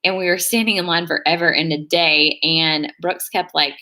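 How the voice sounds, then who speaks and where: A woman's voice: lowish voice, fairly even intonation, moderate pace, bright, forceful tone. A young woman chatting casually on a live stream, rambling and hedging as she works on her nails. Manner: rambling, chatty, hedges a lot. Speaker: beauty vlogger on a live stream. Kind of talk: casual chat while doing her nails.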